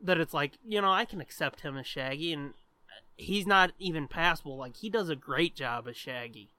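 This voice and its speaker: A man co-hosting a podcast in casual chat, animated and rambling, swearing freely. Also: on the high side, moderate pace, no room sound. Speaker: podcast co-host.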